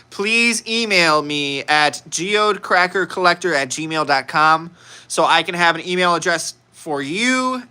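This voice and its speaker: A man's voice: sits high, sharp tone, smooth. A young man from Chicago with a Chicago accent, hosting a live sales stream and telling rambling stories with frequent laughs. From Chicago, United States. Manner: chatty, laughs often, rambling with restarts. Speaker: live stream seller, host. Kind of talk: casual storytelling on a live stream.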